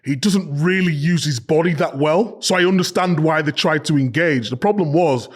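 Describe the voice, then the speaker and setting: A man talking football on a podcast as a pundit, animated and emphatic, exclaiming in disbelief. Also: on the high side, normal speed, breathy edge. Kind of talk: casual football chat.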